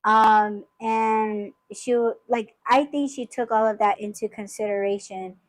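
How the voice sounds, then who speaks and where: A woman's voice: on the high side, fairly even intonation, unhurried, no room sound, poor audio. A woman hosting a podcast, telling a story in casual chat, swearing freely and rambling with lots of fillers. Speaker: podcast host.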